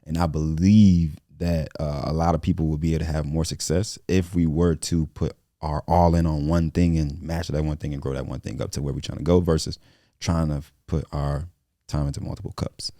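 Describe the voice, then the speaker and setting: A man's voice: rumbling low, flat delivery, fairly quick, dark tone, no room sound, studio quality. A man appearing as a guest entrepreneur in a podcast interview, speaking earnestly and repeating his points to drive them home.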